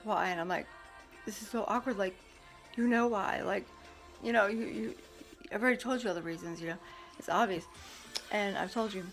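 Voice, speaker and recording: A woman telling a long story in a casual vlog, rambling and profane, often acting out what others said. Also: medium pitch. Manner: rambling, heated, profane, quotes others in dialogue. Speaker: parent recounting a custody court hearing.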